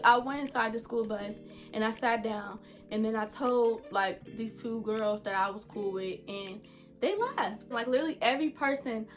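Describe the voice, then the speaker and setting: A woman vlogger telling a casual storytime, animated and chatty, full of slang and asides to viewers. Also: on the high side, normal speed.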